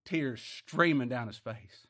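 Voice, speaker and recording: An older man preaching a sermon, swinging from hushed words to loud emphatic passages. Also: mid-range voice, takes it slowly, dry recording, studio quality. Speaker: pastor.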